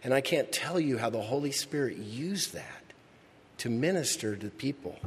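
A man preaching a sermon as pastor. He is emphatic, repeats key phrases and builds to loud peaks. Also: mid-range voice, animated, moderate pace, a little hiss or hum. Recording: long reverb of a large hall.

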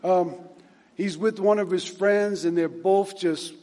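A man preaching a sermon, retelling a story and reading scripture in a halting way, with many repeated words and fillers. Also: high-pitched, steady tone, warm tone, big-room sound.

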